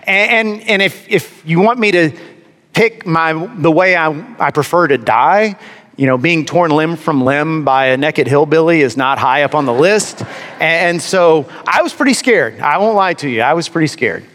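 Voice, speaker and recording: A man's voice: fairly high pitch, a bit bright, long reverb tail. A man preaching a sermon, telling a personal story with wry, self-deprecating humor. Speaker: pastor.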